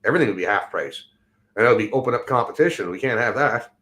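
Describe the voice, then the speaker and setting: A man's voice: mid-range voice, lively intonation, quick pace, pushed and bright. A Canadian man hosting a livestream podcast, ranting heatedly with heavy swearing and reading out viewer chat. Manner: heated, swearing often, mocks others in quoted voices. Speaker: podcast host.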